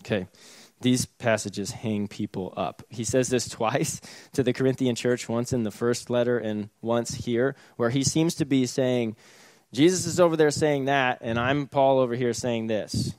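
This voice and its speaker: A man's voice: medium pitch, unhurried, a little mellow, no room sound. A man preaching a sermon in a casual, conversational way, with sarcastic asides and chuckles. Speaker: pastor.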